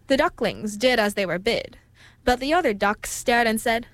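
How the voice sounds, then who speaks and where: A woman reading a storybook aloud in a measured, expressive way. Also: a little high, no room sound.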